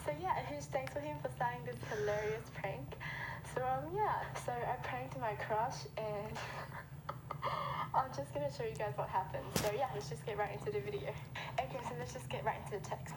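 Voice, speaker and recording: A woman's voice: a little high, brisk. Chatty young woman vlogging, noisy sound. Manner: rambling, filler-heavy. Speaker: vlogger in a played clip. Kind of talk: chatty video intro. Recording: loud background noise.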